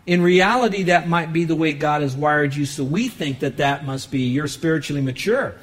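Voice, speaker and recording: A pastor preaching a sermon in a church, emphatic and rising into loud bursts, then softening into a quiet prayer. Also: male voice, on the high side, moderate pace, low-quality recording.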